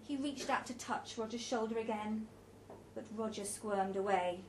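Woman narrating an audiobook, higher voice. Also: normal speed, a little mellow, a little hiss or hum.

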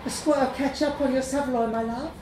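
A man voicing a soft-spoken young woman serving behind a chip-shop counter, gentle and coaxing. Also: very high voice, steady tone, fast talker, recorded from a distance, slight background noise, pitched above the performer's own voice. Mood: sweet. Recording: roomy echo.

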